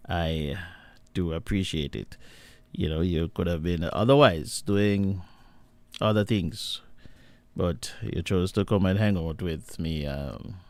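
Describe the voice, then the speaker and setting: A man's voice: deep voice, darkish tone, dry recording. A Jamaican man hosting a casual live radio talk show, chatting, laughing and greeting listeners by name.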